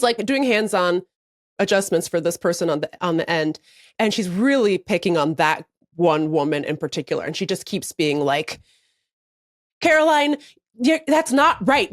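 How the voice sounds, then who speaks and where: A woman co-hosting a podcast, telling a story in casual chat, animated and profane. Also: medium pitch, dry recording, clean studio sound. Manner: animated, profane, acts out other people's lines. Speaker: podcast co-host.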